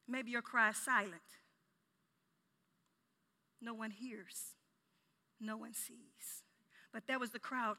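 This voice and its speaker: A woman preaching a sermon with impassioned delivery, rising to near shouts and dropping to hushed tones. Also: high voice, takes it slowly, long pauses, long reverb tail. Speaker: children's ministry director giving a sermon.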